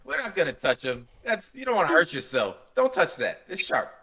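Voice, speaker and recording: A man's voice: a little high, brisk. A young man co-hosting a podcast in casual chat, telling stories animatedly and acting out the scenes he retells. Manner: animated storytelling, acts out scenes with quoted voices. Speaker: podcast co-host.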